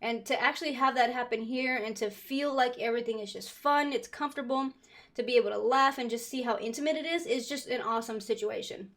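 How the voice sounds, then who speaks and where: A woman's voice: on the high side, a little fast, fairly bright tone. A woman hosting a reaction video, chatting casually about a comedy show. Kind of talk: casual commentary.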